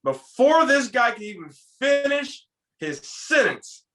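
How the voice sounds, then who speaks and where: A man casually telling a story from his youth to a friend, animated and acting out the lines he quotes. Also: very high voice, slow. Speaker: podcast co-host telling a story.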